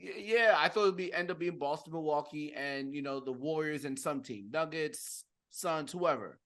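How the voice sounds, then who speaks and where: A man with a fairly high voice co-hosts a sports podcast. He talks casually, often stumbling and restarting his sentences. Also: normal speed, fairly bright tone. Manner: hesitant, restarts, laughs. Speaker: podcast co-host.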